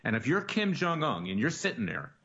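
A man's voice: mid-range voice, very animated, fairly quick, bright, forceful tone, slightly rough, muffled recording. A man in a played clip giving an indignant political monologue, denouncing opponents.

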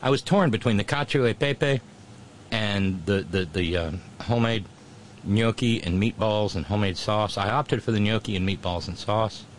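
Rambling low-voiced male radio host. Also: moderate pace, a little hiss or hum. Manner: rambling, many restarts and fillers. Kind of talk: casual monologue to listeners.

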